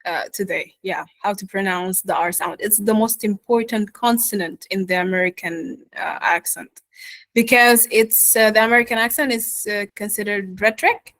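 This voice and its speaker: A woman teaching pronunciation in an online lesson, modeling words slowly and checking in with her students. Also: mid-range voice, a bit bright, no room sound, poor audio. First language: Arabic. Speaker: accent teacher.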